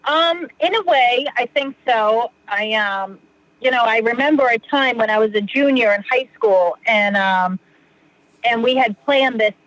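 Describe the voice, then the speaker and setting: A woman's voice: on the high side, a little slow, fairly bright tone, no room sound, low-quality recording. A woman in her thirties from Massachusetts, a podcast guest chatting casually about her recovery, rambling with lots of "you know" and restarts. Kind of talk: casual interview talk.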